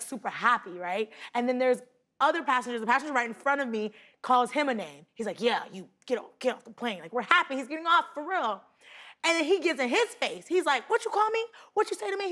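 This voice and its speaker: A woman telling her story as a talk show guest, excited and animated, acting out what people said, with many fillers. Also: fairly high pitch. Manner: excited, acts out quotes, fillers and laughs. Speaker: guest passenger.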